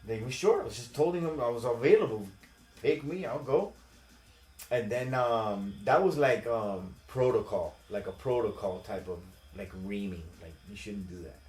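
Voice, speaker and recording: A man in his forties, a podcast host, telling stories in casual, profane, animated chat. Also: lowish voice, normal speed, hardly any pauses, soft background music. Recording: roomy echo.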